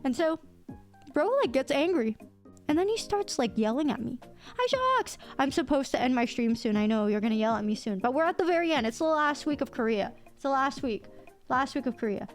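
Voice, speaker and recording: A woman livestreamer with a high-pitched voice tells a story to her chat with lots of animation. She swears casually and bursts into laughter. Faint music plays underneath. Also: brisk.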